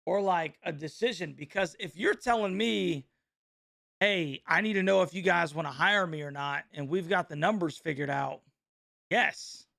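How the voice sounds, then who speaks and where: A man, hosting a casual live-stream reaction chat in an excitable, slangy way, laughing often and calling everyone bro. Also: high voice, normal speed, gravelly, no room sound, clean studio sound. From North Carolina.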